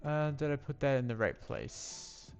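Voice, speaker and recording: A man's voice: mid-range voice, big pitch swings, unhurried. A man live-streaming a building game on a headset mic, rambling to himself with playful sound effects. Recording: faint music behind.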